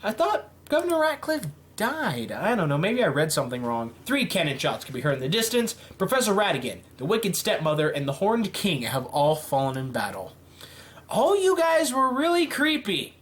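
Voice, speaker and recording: A man reading out a simulation game's events and reacting to them with playful, animated commentary. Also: on the high side, brisk, hardly any pauses, slight background noise. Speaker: YouTube game commentator.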